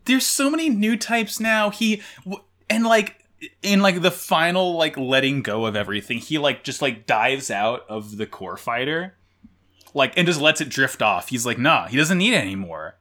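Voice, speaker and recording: A woman co-hosts a casual podcast in a bright, sharp voice. Her pitch jumps all over as she talks, and she chats with eager enthusiasm, often repeating words. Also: big pitch swings, moderate pace. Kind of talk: casual chat.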